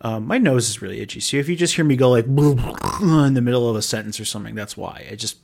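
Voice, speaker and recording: Alone at the mic, a podcast host rambles through a loose monologue, wry and self-mocking, swearing casually along the way. His middle-pitched voice is a bit creaky and slightly mellow, and he talks fast.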